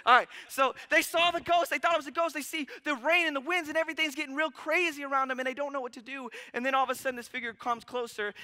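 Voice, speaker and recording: A man's voice: very high-pitched, sharp tone. A male pastor preaching in a church, casual and joking, with lots of conversational asides. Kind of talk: sermon. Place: church sanctuary. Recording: long church hall reverb.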